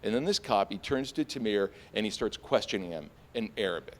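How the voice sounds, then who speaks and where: Man telling a story on stage. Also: a little fast. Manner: animated, conversational, leans on "like", jumps to high pitch for panicked quotes. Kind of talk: live storytelling. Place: live stage.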